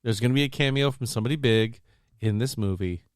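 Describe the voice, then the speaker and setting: A man co-hosting a casual podcast chat about movies and games, excitable and quick to act out quotes. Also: no room sound, clean studio sound. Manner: excitable, acts out quotes in big high voices. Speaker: podcast co-host.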